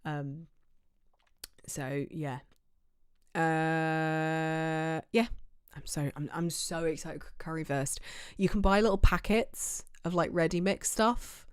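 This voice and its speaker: A woman's voice: sits low, steady tone, slow pace, clear, resonant tone, dry recording, clean studio sound. An English woman streamer chatting casually, rambling with lots of fillers and restarts. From England. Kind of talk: casual livestream chat.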